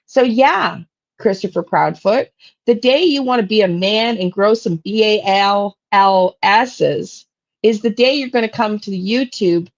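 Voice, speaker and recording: A woman's voice: medium pitch, muffled recording. A woman hosting a true crime channel, ranting bluntly and angrily with plenty of profanity on a live stream. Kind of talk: live-stream soapbox rant.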